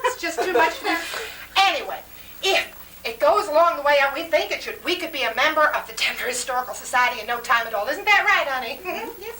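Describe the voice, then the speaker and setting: A woman playing a brassy, social-climbing middle-aged mother who gushes and calls everyone honey. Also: sits high. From West Texas. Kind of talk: radio-style comedy drama. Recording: roomy, distant mic, faint noise.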